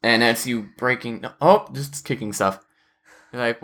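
A woman's voice: very deep voice, normal speed, fairly bright tone. A woman hosting a casual podcast chat, telling work stories as a postal carrier, acting out coworkers' voices and laughing often. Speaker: podcast host.

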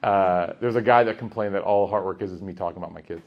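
A man in his thirties giving a casual religious talk to a gathering, telling jokey stories about his kids and getting loud in the funny parts. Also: low-pitched, fast. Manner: storytelling, jokey, animated, rising loud in funny bits. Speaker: religious teacher. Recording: dull lo-fi sound.

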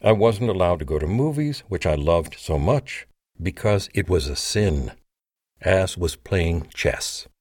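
A man with a very deep voice reads a memoir in measured, scripted narration. The sound is close and dead dry, with no room at all. His delivery stays even and unhurried. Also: dry recording. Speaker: audiobook narrator.

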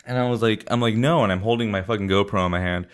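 A man's voice: on the low side, quick pace, clean tone. A young man from California casually telling a travel story on a podcast, with lots of "like" and "man" and frequent laughs. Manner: laughs often, fillers like "like" and "man". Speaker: podcast host.

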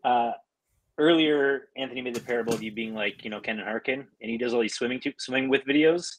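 A man's voice: mid-range voice, quick pace, a little hiss or hum, poor audio. Playful storytelling man. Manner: playful storyteller, mock complaining. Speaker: podcast co-host. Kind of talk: casual chat.

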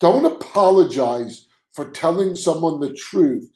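A man's voice: a little high, animated, measured pace, a little mellow, echoey room, low-quality recording. A man co-hosting a casual podcast chat, talking earnestly and often repeating words as he starts a sentence. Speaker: co-host.

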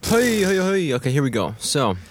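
A man's voice: fairly high pitch, big pitch swings, slight background noise. Joking young man co-hosting a podcast. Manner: joking, quick to chime in. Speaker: podcast co-host. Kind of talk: casual chat.

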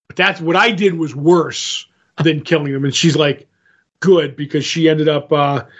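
A male podcast co-host with a somewhat high-pitched voice recaps a comic book plot casually and in a rambling way, repeatedly acting out the characters' lines with "he's like" and "she's like." The audio is dull and lo-fi.

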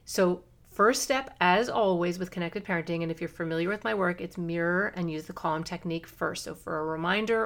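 A middle-aged woman hosting a parenting podcast, talking earnestly and coaching listeners with quick asides. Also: on the low side, fairly bright tone. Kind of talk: solo podcast talk.

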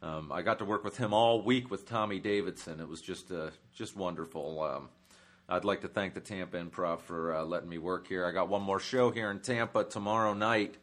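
A man's voice: deep voice, brisk, a bit bright. Rambling, profane male comedian host. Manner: rambling, profane, many fillers. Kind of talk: comic travel monologue.

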